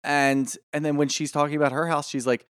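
A man co-hosting a casual podcast chat, opinionated and animated, swearing freely. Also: on the high side, fairly quick, clear, resonant tone, dry recording, clean studio sound. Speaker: podcast co-host.

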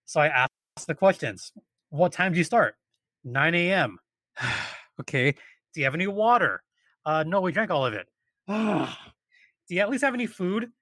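A man casually telling a story, animated and exasperated, acting out the people he quotes. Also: a little high, unhurried, long pauses, no echo.

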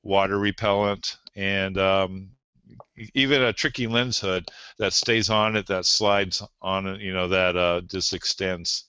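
A man with a low, bright, forceful voice and a smooth, clear tone talks camera gear as a podcast guest, pausing often with "uh". The sound is dry and a little dull. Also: fairly even intonation, dry recording. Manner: gear-focused, hesitant, many uhs. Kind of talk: casual chat.

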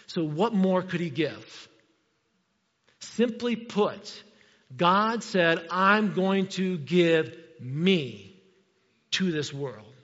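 Pastor, middle-aged man, animated conversational sermon, slightly high voice, muffled lo-fi recording. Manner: animated, conversational preaching with rhetorical questions. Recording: reverberant hall, dull lo-fi sound.

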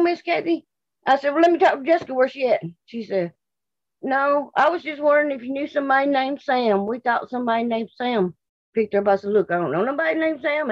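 A woman with a Mississippi accent speaks bluntly and indignantly, her voice a little high for a woman. She repeats herself as she tells what happened in an interview. The recording is dry and a bit dull, with no room sound. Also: dry recording. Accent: Southern US, Mississippi. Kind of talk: emotional interview testimony.

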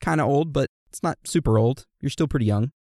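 A man co-hosting a podcast in casual chat, playfully reading out listener messages and birthday shout-outs. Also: medium pitch, a little fast, no echo, clean studio sound. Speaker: podcast co-host.

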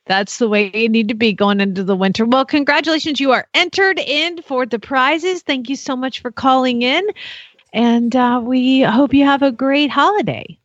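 A woman hosts a radio call-in show with a high-pitched voice. She is chatty and affectionate and teases her callers. The sound is dry and a little dull. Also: moderate pace, no room sound. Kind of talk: casual radio chat.

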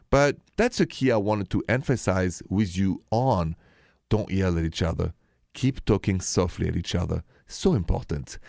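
A man with a French accent hosts a call-in radio show on relationships. He talks in a low, calm, soft-spoken way. The sound is dry and close. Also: gravelly, no echo. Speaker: radio relationship advice host.

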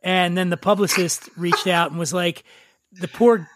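A man hosting a podcast in casual chat, brash and excitable, swearing freely. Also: high-pitched, moderate pace, background noise. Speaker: podcast host.

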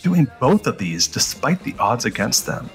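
A man reading a scripted commercial in a measured promotional way. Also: mid-range voice, very animated, fairly bright tone, faint music behind. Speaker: ad announcer.

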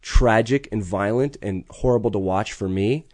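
A man's voice: lowish voice, moderate pace, a little mellow, dry recording. A middle-aged man, telling a story in conversation with intense, profane urgency. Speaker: podcast guest.

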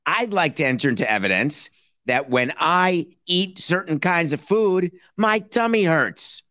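A man's voice: fairly high pitch, expressive, a little slow, sharp tone, dry recording, studio quality. A man hosting a sports talk podcast, talking sarcastically and building his points like a mock courtroom argument. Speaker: podcast host.

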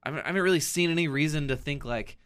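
A man hosting a casual sports podcast, talking in halting bursts with many restarts. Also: a little high, fairly bright tone, clear, resonant tone. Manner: hesitant, restarts mid-sentence. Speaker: podcast host.

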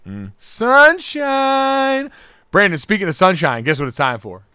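An animated man co-hosting a sports podcast, his pitch swinging widely and his voice bright and forceful. He talks in a loose, sarcastic way and slips into loud mock outrage. The sound is dry and close, with no room echo. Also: fast. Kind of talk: casual sports talk.

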